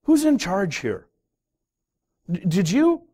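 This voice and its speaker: A man, a pastor, preaching a sermon with dramatic storytelling that swings from loud to hushed. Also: sits high, big pitch swings, takes it slowly, pauses often, husky.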